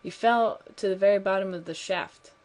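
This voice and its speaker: A woman reading as a calm, cryptic prisoner. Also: medium pitch, normal speed, close to an everyday voice. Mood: measured.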